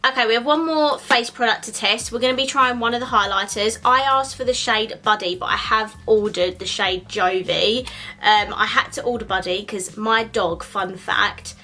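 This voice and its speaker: Young woman, bright tone, gushing beauty vlog chatter. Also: on the high side, normal speed. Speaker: beauty vlogger. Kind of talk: casual product review.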